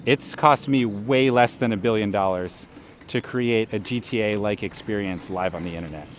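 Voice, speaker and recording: With a fairly low pitch and normal speed, this man chats casually on a live stream as he cycles outdoors. He laughs often and greets viewers; the sound comes from a camera rig on the bike, with slight background noise.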